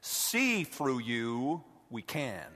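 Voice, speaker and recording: A man voicing a tiny, ancient, wise alien master who speaks slowly with words turned around. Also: medium pitch, big pitch swings, pushed and bright, heavily acted. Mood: probing. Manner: inverted word order, slow and drawn out. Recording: echoey hall.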